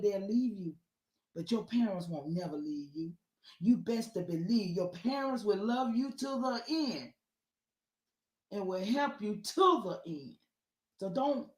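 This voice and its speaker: A woman's voice: on the high side, roomy sound. A woman, speaking to listeners on a video call in a casual, heartfelt, preachy way and repeating herself for emphasis. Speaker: speaker at an online symposium.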